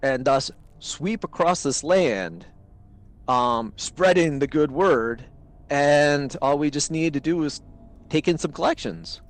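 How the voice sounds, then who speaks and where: A man's voice: fairly high pitch, lively intonation, takes it slowly, faint music behind. A man playing in a tabletop game who talks in character in a hesitant way, full of fillers. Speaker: player. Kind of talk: casual in-character game talk.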